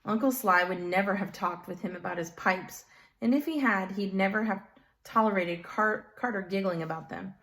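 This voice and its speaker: A woman's voice: mid-range voice, moderate pace. A woman reading a children's chapter book aloud with expression, stopping now and then to chat to listeners. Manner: expressive, chats to listeners between passages. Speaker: storyteller.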